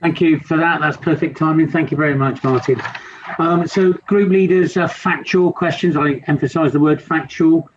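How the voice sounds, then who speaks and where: Man, meeting chair, brisk, procedural, fairly high voice, muffled call audio. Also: fairly even intonation, a little hiss or hum. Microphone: video call.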